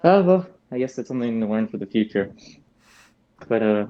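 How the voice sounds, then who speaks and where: A man playing a tabletop game, talking through his moves in a relaxed, deliberate way. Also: on the low side. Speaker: player. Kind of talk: casual tabletop play. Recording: dull, lo-fi mic.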